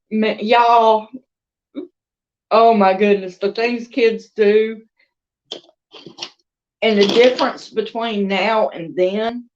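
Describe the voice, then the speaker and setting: A woman with a Southern drawl chats through a story in an unhurried way, her voice sitting a little high. She rambles from thought to thought. The recording sounds a bit muffled. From American South. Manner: rambling, chatty, laughs between thoughts. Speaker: crochet and doll vlogger. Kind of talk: casual storytelling chat.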